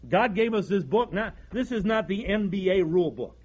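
A man's voice: high voice, expressive, moderate pace, a little mellow, husky, lo-fi sound. A man, preaching a folksy sermon from the pulpit and often restarting his sentences. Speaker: pastor.

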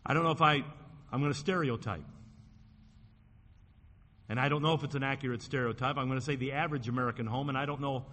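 A male pastor preaching a folksy sermon in a church, slowing down and dropping low when he quotes scripture. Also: sharp tone. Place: church sanctuary. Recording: long hall reverb, faint room noise.

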